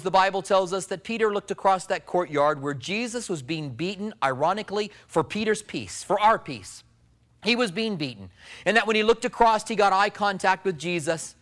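Male preacher with a high voice, dramatic storyteller who drops to a hush for effect. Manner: storytelling, swings from loud emphasis to low hushed tones. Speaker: pastor. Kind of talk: sermon.

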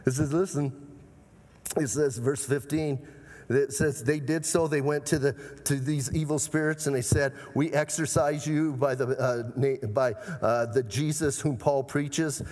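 Emphatic preacher in a reverberant hall. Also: male voice, mid-range voice, steady tone, unhurried, darkish tone. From Arizona, USA. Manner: emphatic, repeatedly urging "listen". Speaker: pastor. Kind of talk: sermon.

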